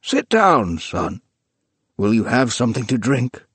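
A man's voice: medium pitch, very animated, measured pace, a bit bright, slightly rough, no room sound, voice pushed up, full character voice. A man voicing an earnest elderly man who coaxes and pleads. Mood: coaxing. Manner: urgent, coaxing, pleading.

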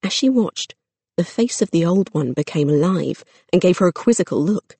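A narrator reading a children's fantasy story aloud at a steady, measured pace. The voice sits mid-range and is recorded close and dry, with no echo in the room. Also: medium pitch, gravelly, husky.

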